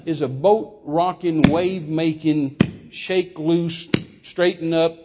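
A man preaching, telling a story in a folksy, humorous and animated way with sudden loud outbursts. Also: on the high side, takes it slowly, heavy background noise. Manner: animated, folksy, acts out quotes with sudden shouts; humorous, laughs at his own stories. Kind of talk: sermon storytelling.

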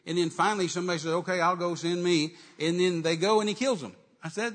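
A man's voice: sits high, steady tone, fast, few pauses. A man preaching a sermon, retelling a conversation and acting out the dialogue. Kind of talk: sermon storytelling.

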